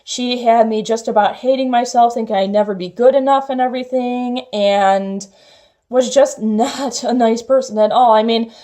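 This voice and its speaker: A woman's voice: a little high, steady tone, moderate pace, warm tone. A young woman vlogger telling a personal story in a chatty, casual way, full of "like" fillers. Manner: chatty, heavy use of "like" fillers.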